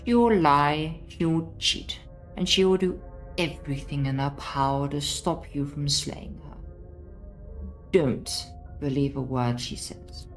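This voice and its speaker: Woman voicing a stern, low game narrator. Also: measured pace, faint music behind, low-quality recording. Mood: commanding. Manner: commanding, insistent. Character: stern female narrator urging a princess slaying. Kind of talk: reading a game aloud.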